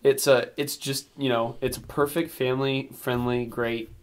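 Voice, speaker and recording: Reviewing a film as a podcast co-host, this man chats casually, rambling with many fillers and frequent laughs. He speaks at a moderate pace in a medium-pitched, level tone.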